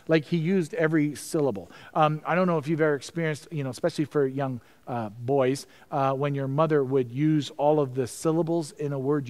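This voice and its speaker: With a fairly high-pitched voice, a middle-aged man preaches as a pastor. His storytelling includes stammered repetitions, and his voice goes hushed during prayers.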